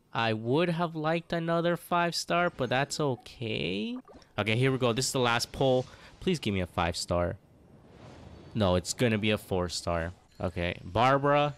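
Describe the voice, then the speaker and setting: Excitable young man, smooth dry voice. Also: medium pitch, dry recording. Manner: excitable, chatty, thinks aloud, loses count. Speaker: gaming YouTuber. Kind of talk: casual gacha pull commentary.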